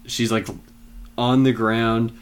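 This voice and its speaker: A man casually retelling film scenes in a relaxed chat, with many fillers. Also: mid-range voice, takes it slowly, clean tone.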